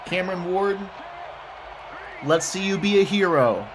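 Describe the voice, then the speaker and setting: Excitable young-sounding man narrating gameplay. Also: sits high, unhurried. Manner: excitable, reacts loudly to plays, talks to the players. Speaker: gamer playing a football video game franchise. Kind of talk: casual let's-play commentary. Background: game music.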